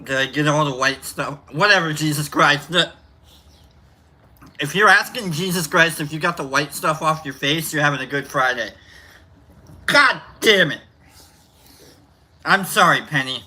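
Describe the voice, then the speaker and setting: A man's voice: a little high, pushed and bright. A man hosting a casual livestream chat, joking and rambling with self-mocking humor. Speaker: host.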